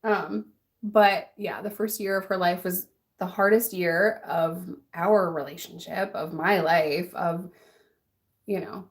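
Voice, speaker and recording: A woman's voice: on the low side, fairly even intonation, slow pace. A young adult woman vlogger chatting casually and bluntly while doing her makeup, laughing often and answering a live chat.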